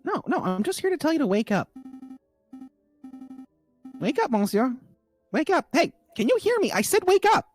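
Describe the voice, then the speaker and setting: Man putting on a squeaky bird assistant, shouting, frantic, very high, swooping pitch, game voice. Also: sing-song, normal speed, long pauses, faint music behind. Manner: shouting, urgent. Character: frantic male bird assistant, shrill and anxious. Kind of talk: reading a visual novel aloud.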